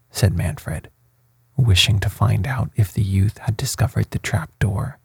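A man narrating a bedtime story reading in a hushed, breathy voice, soft, slow and even. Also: lowish voice, no echo.

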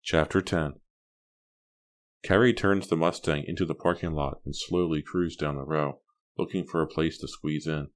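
In a steady, measured reading, a man with a low, rumbling voice narrates a scripted audiobook.

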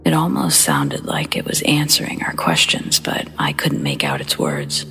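Female horror host, whispered narration, breathy and gravelly, slow and measured, faint music bed. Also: very deep voice, very animated. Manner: hushed, slow and measured storytelling.

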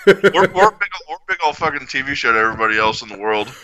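A man's voice: mid-range voice, animated, fast talker, sharp tone, low-quality recording. A man co-hosting a podcast in casual chat, joking and swearing in a laid-back way. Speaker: podcast co-host.

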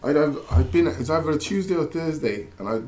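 A man's voice: fairly high pitch, animated, a little fast, darkish tone. A man, a former footballer, telling rambling stories in casual chat, laughing and correcting himself as he goes. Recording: roomy echo with faint background noise.

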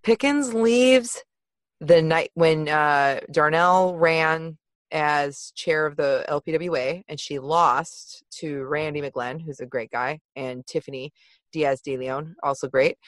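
A woman's voice: low-pitched, slow pace, no room sound. Chatty gossipy woman podcast host. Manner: chatty, gossipy storyteller, laughs often. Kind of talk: casual chat.

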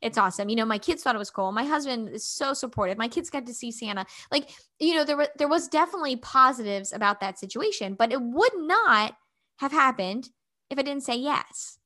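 A woman in her thirties hosting a podcast, telling a casual personal story in a chatty, animated way, with lots of "like" and "you know". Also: sits high, brisk. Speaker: podcast host.

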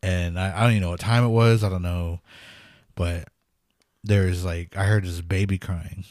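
A man's voice: low voice, moderate pace, no room sound, studio quality. A man co-hosting a podcast, recounting an eerie memory with nervous laughs and quoted dialogue. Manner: animated storyteller, laughs nervously, acts out quotes. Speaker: podcast co-host. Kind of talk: casual storytelling chat.

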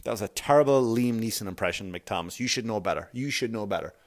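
A man's voice: on the low side, quick pace. A middle-aged man doing a profane stand-up routine, rambling and acting out little scenes in put-on voices. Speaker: stand-up comedian.

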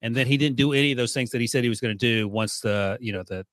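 A man's voice: medium pitch, fast, a bit bright, no echo. A man co-hosting a sports podcast who asks long, winding questions and teases his partner. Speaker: sports writer and podcast co-host. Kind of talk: casual podcast analysis.

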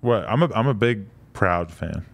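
A man's voice: fairly low pitch, moderate pace, creaky. Joking young male podcast host. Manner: joking, deadpan teasing. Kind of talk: casual podcast banter.

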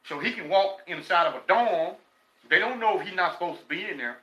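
A man's voice: sits high, lively intonation, brisk, bright, forceful tone, roomy sound, highs cut off. An older man from Texas, telling stories casually and profanely as a guest. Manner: profane, laughing storyteller. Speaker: guest, former prisoner. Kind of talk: casual storytelling.

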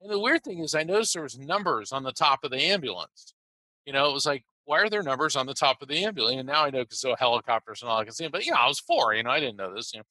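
An American man, a guest in an interview, tells a personal story in an animated, halting way, restarting often. His pitch is medium, and the recording is rough but has no echo.

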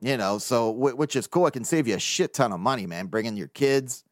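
Excitable, profane male podcast host. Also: medium pitch, a little fast, no room sound, clean studio sound. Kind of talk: casual solo monologue.

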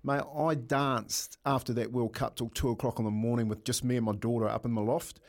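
A man's voice: mid-range voice, steady tone, a little fast. Enthusiastic New radio man. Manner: storytelling, says "mate" a lot, warm enthusiasm. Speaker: radio co-host, former rugby league selector. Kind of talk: sports radio banter.

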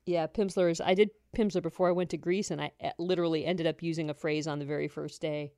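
A woman's voice: low-pitched, steady tone, quick pace, dark tone, dry recording, studio quality. A woman co-hosting a radio show in casual chat, chatty and self-mocking, laughing often. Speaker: radio co-host.

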